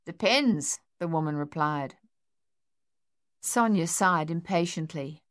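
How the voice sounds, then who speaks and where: A woman narrating an audiobook in an even, measured reading. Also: fairly low pitch, smooth, no echo, clean studio sound.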